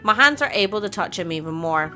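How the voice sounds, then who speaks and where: A woman's voice: medium pitch, animated, fast talker, bright, forceful tone, faint music behind. A woman hosting a casual game playthrough, chatting, reacting and reading the story aloud. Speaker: gaming channel host.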